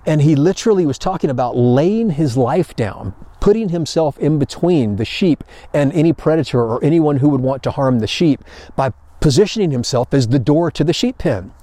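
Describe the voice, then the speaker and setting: Man, pastor, sermon, warm mellow voice, dry close sound. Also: on the high side, animated, normal speed, dry recording. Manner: conversational storytelling, acts out paraphrased quotes.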